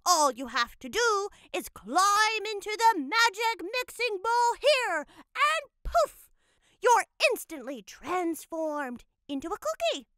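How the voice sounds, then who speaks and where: A woman's voice: very high voice, very animated, slow pace, pushed and bright, no echo, clean studio sound, heavily acted. A woman voicing a flustered, bossy cartoon witch who talks in a huffy, mock-menacing way.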